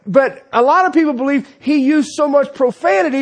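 A man's voice: very high voice, a little fast. A man preaching a sermon who keeps asking rhetorical questions and checking in with the congregation with "okay?", telling stories with animation. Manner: peppers his points with rhetorical questions and "okay?".

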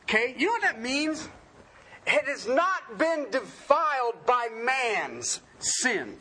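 A man's voice: extremely high pitch, big pitch swings, slow pace, pushed and bright, husky. A man preaching a sermon in a folksy, joking way, often asking the congregation questions.

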